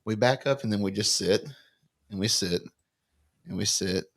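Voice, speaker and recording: A man with a slightly low voice tells a story on a casual podcast. He carries it along, acting out the other people's lines. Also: normal speed. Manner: animated anecdotal storyteller, acts out dialogue. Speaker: podcast co-host.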